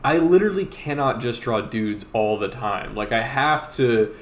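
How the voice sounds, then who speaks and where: Man, casual drawing-stream chat, rambling and halting, roomy echo. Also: mid-range voice, animated. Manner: rambling, many restarts and fillers. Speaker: streamer artist.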